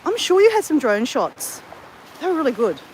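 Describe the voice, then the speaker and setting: A woman's voice: sits high, sing-song, moderate pace, darkish tone, a little hiss or hum. An Australian woman chatting casually to viewers on a livestream from a beach, rambling and correcting herself as she talks. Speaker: livestream vlogger. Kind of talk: casual live chat to viewers. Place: outdoors on a beach.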